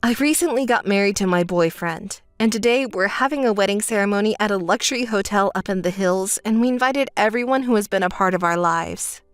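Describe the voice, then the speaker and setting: A woman voicing a calm, sensible young woman who speaks in a flat, firm and unimpressed way. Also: mid-range voice, a little fast, few pauses, clear, resonant tone, no room sound, clean studio sound, natural voice. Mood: cool. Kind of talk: texting-story voice acting.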